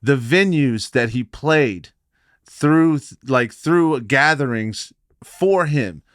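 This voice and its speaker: Smooth-voiced male podcast host. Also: medium pitch, slow, no echo, studio quality. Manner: relaxed interviewer, says dude often. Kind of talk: casual chat.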